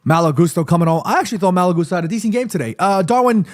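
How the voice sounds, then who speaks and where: Excitable man calling football live. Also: high-pitched, very fast. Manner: excitable, chatty, talks straight to viewers with slang. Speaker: streamer hosting a football watchalong. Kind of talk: live play-by-play commentary and chat.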